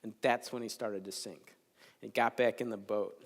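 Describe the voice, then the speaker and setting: A man's voice: on the low side, fairly even intonation, normal speed. Joking man preaching in an echoing chapel. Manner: conversational, joking storyteller. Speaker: chapel speaker. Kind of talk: sermon. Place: large chapel. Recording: long hall reverb in a chapel.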